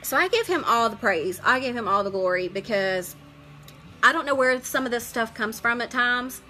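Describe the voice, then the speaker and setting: A woman's voice: on the high side, animated, moderate pace, bright, forceful tone, low-quality recording. Chatty middle-aged woman streaming makeup live. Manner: chatty and heartfelt, greets viewers by name.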